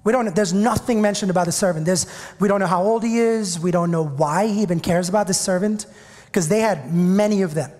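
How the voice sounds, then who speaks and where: High-pitched pastor guy preaching, fired up, talks back at the crowd, big echoey church hall. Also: fairly quick, darkish tone. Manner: impassioned preaching, calls out to the congregation; repeats and restarts phrases. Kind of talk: sermon. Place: church sanctuary.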